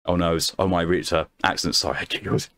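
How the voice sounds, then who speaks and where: A man streaming a game late at night, chatting calmly with his chat and answering messages in a soothing tone. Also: low-pitched, a little fast, dry recording. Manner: calm, soothing voice meant to lull viewers to sleep.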